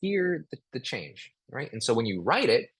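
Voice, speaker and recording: A husky-voiced man leads a live online writing class and reads his example sentences aloud with feeling. His pitch swings widely as he talks. The sound is close and dry, with no room around it. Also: big pitch swings, normal speed, dry recording. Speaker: writing instructor.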